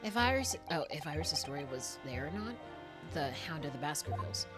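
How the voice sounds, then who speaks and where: A woman voicing a young, scrappy street girl from London with a put-on cockney accent, telling her story in quick, nervous bursts. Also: sits low, sing-song, over music, pitched below the performer's own voice.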